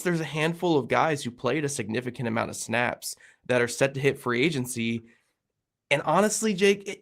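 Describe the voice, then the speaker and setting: A man hosting a sports podcast, talking casually with a nasal, congested voice from a cold. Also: mid-range voice. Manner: gravelly, conversational with frequent fillers. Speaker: podcast host.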